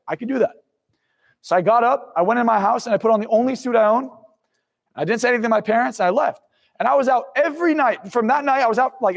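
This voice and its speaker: A man's voice: high-pitched, vocal fry, long reverb tail. A man giving a motivational talk, telling a personal story with animation and acting out his own past words. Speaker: motivational speaker.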